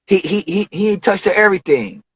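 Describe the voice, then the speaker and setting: A man's voice: high-pitched, normal speed, husky, dry recording, low-quality recording. A man from Detroit telling studio stories in a casual interview, acting out the voices of the people he quotes and swearing freely. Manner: animated storyteller, acts out quoted voices, profane slang. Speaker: interview guest, rapper.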